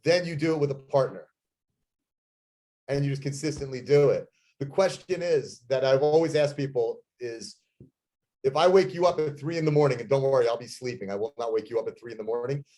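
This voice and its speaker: A man's voice: mid-range voice, a little fast, warm tone. A man talks real estate sales in an intense, emphatic way. He speaks plainly and drives each point home, like a trainer coaching a room. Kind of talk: motivational sales talk.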